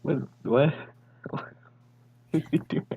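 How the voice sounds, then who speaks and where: A tabletop player who reacts with loud disbelief and keeps urging the others on. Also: slow pace, whispered, lo-fi sound. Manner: incredulous, exclaiming. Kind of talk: casual tabletop play.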